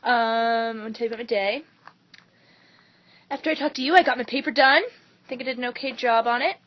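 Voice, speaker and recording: A young woman recounts her day in a rambling, chatty vlog. Her voice is slightly high. The camera audio sounds dull and lo-fi. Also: fairly quick. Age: young adult. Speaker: vlogger. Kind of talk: casual vlog chat.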